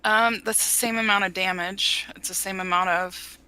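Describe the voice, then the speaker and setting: A woman's voice: medium pitch, fairly even intonation, moderate pace, crowd noise, poor audio. A woman playing a tabletop game, joking and laughing often. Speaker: player. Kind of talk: casual tabletop play.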